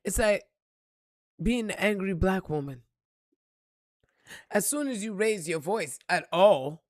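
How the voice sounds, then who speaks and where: A woman gives a motivational monologue in a blunt, emphatic way, with plenty of cursing. She calls the listener "baby" as she talks straight at them. Her voice sits at a medium pitch and is recorded close and dry, with no room echo. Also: lively intonation, slow pace, pauses often, a little mellow. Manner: blunt, emphatic, swears freely. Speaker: spiritual reader.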